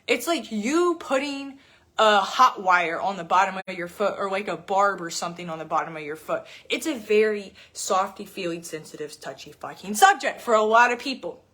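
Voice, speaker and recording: A woman's voice: mid-range voice, lively intonation, moderate pace, a bit bright. A woman fitness coach in her thirties ranting bluntly to camera, swearing often and repeating words for emphasis. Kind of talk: blunt unscripted rant to camera.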